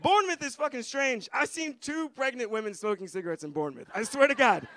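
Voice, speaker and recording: American male stand-up, young, very high and bright voice, loose chatty crowd work on a club stage. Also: expressive, quick pace. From United States. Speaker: stand-up comedian. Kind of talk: stand-up comedy set.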